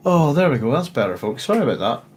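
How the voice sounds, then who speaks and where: A man's voice: medium pitch, very animated, fast, over music, rough recording. A man hosting a livestreamed book discussion who rambles hesitantly, with many fillers, while speaking with a dry, strained throat. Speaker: book club host.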